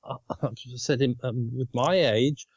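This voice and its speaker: A man's voice: medium pitch, a little slow, darkish tone, dry recording. Australian male co-host, fifties, easygoing and chatty, dry close recording. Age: 50s. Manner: chatty, laughs often. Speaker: podcast co-host. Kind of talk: casual chat.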